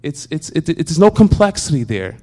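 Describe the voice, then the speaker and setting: A man's voice: a little high, brisk. A man giving an informal religious talk, full of rhetorical questions, often stuck repeating a word before going on. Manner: repetitive stammering restarts, animated rhetorical questions.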